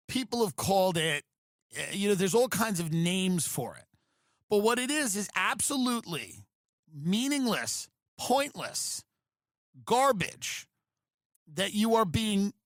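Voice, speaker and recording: A man's voice: high-pitched, fairly bright tone, dry recording, clean studio sound. Sardonic man ranting on a podcast. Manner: sardonic ranting with mocking asides. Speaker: podcast host. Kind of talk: comedic podcast monologue.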